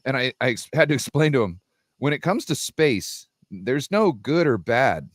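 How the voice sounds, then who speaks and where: A 49ers fan co-hosting a laid-back football debate livestream argues emphatically, repeating himself and restarting sentences as he pushes his points. His medium-pitched voice is very animated at a normal speed, captured dry with clean studio sound.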